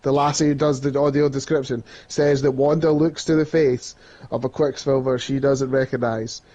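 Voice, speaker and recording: A Scottish man co-hosting a podcast in casual chat, excited and repeating himself when he gets worked up. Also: medium pitch, moderate pace, highs cut off. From Scotland. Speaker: podcast co-host.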